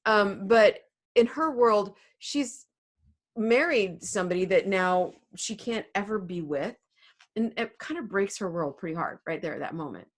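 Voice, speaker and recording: A woman's voice: medium pitch, expressive, measured pace. A woman, an English teacher, casually talking through a play and paraphrasing its characters in everyday speech.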